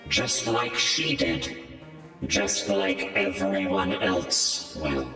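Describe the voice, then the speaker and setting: A man's voice: low voice, animated, pushed and bright, faint music behind, voice pushed down, exaggerated voice. A man doing an echoing, menacing dragon spirit. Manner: slow, creepy echoing voice in the mind. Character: ancient shadowy many-headed female dragon spirit, menacing. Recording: echoey, reverberant, from far off.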